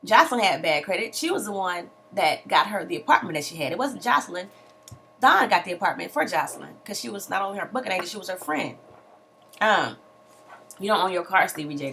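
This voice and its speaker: A young woman tears through a reality show recap with sassy, slangy asides and mock outrage. Her low voice has a gravelly fry under a bright, forceful edge. A faint hiss of noise sits behind her. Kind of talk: casual recap commentary.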